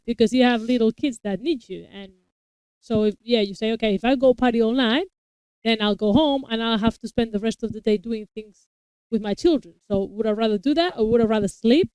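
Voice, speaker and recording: This co-host, a parent of young kids, chats casually about a TV episode, giving lengthy explanations of her views and often starting sentences over. Her voice is a little high, smooth and darkish, with no room sound but poor audio.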